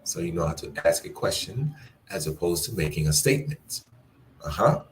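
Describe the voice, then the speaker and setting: A man teaching a language class, encouraging his students and repeating phrases slowly for them to practice. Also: low-pitched, lively intonation, a little hiss or hum. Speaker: Spanish teacher. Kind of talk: live online language class.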